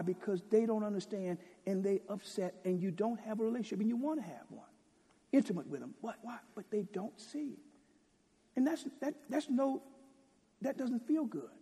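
A man preaching with fervor, his fairly high voice carrying a husky edge. He swings from ringing declamation down to hushed, almost whispered lines and keeps throwing out rhetorical questions. The sound rings with the long reverb of a large hall. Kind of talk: sermon.

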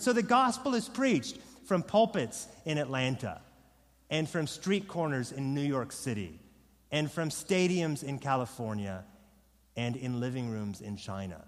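A man's voice: expressive, normal speed. Preaching man in a reverberant hall. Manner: swings from loud proclamation to soft, low pleading. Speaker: pastor. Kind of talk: sermon. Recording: long reverb of a large hall.

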